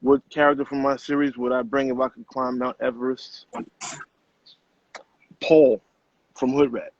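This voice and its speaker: A middle-aged man, an author guest, telling stories in casual interview talk with animated street slang and plenty of cursing. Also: medium pitch, unhurried, dry recording. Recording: muffled lo-fi sound.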